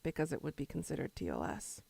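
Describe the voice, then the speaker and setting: A woman's voice: low-pitched, sing-song, quick pace, creaky, warm tone, slightly rough. A woman streamer chatting casually with her viewers, rambling between topics and answering chat while she eats.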